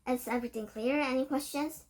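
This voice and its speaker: A bossy, domineering witch queen in a storybook reading, put on by a woman. She barks commands in a raised, fairly high voice, slightly louder than the narration around her. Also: fairly quick. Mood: commanding. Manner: commanding, barking orders. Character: stern domineering female witch leader.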